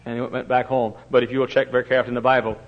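A man preaching a folksy storytelling sermon, full of fillers and animated bursts. His voice sits in the middle range. The recording is muffled and lo-fi, like an old church tape. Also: medium pitch, rapid-fire. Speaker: pastor.

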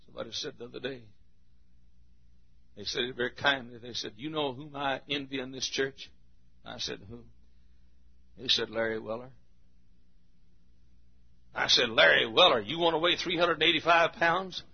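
A pastor preaching a sermon, swinging from loud shouted passages to quiet, intimate talk. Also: male voice, medium pitch, moderate pace, creaky, pauses often, slightly rough, dull audio.

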